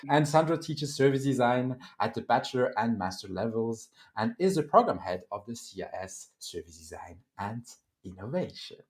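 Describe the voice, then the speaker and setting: French-accented male moderator, lively intonation, casual introductions with frequent "uh"s. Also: mid-range voice, moderate pace, few pauses. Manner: lively, animated delivery with frequent fillers. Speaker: host and moderator. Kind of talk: online panel introductions.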